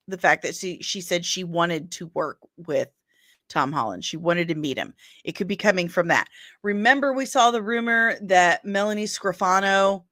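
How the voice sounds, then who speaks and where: A woman hosts a daily news stream on pop-culture rumors, talking slowly in a slightly low voice. She chats loosely, laughs often and calls viewers by name as she reads their comments. The sound is dry and close, with no room echo. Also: bright, forceful tone. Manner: loses her place while searching on screen and grumbles aloud. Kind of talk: casual live-stream chat about entertainment rumors.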